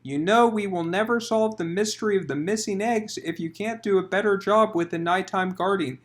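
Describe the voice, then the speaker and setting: Man reading as a long-winded fretful village priest, fairly high voice. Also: moderate pace, lightly acted. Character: fussy worried male country priest.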